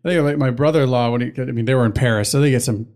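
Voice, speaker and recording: A man's voice: medium pitch, very fast, darkish tone. Rambling young man chatting. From United States. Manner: rambling, loses his train of thought, swears casually. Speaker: podcast co-host. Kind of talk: casual chat.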